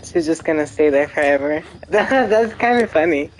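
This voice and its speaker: A woman's voice: low-pitched, expressive, moderate pace, slight background noise, poor audio. A young woman streaming a game, chatting casually, apologetic and giggly. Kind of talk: casual gameplay commentary.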